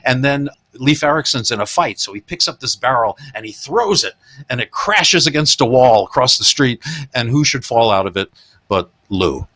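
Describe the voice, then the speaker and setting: A man's voice: mid-range voice, lively intonation, normal speed, a bit bright. A man hosting a podcast, animatedly retelling film scenes in casual chat and laughing often. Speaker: podcast host.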